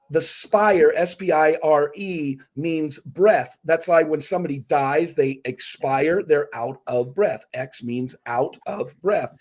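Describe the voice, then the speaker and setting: A man who is a guest on a talk podcast, a speaker and author, telling stories in animated, casual conversation. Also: fairly high pitch. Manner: animated storyteller, breaks words down.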